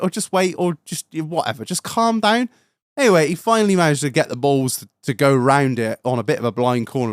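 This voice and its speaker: A young British man, a podcast host, telling a story in casual chat, animated, swearing and laughing as he goes. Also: on the high side, dry recording, clean studio sound.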